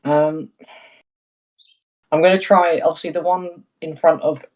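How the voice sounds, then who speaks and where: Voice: mid-range voice, steady tone, unhurried, darkish tone, low-quality recording. Player at a tabletop game, hesitant. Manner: hesitant, self-correcting, apologetic. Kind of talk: casual chat at a tabletop game.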